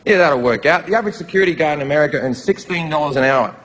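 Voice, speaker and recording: A man's voice: on the high side, lively intonation, racing, big-room sound. A man from Australia with an Australian accent, doing a brash, profane, mocking stand-up comedy routine in a theatre. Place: theatre with live audience. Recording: live show, loud crowd noise.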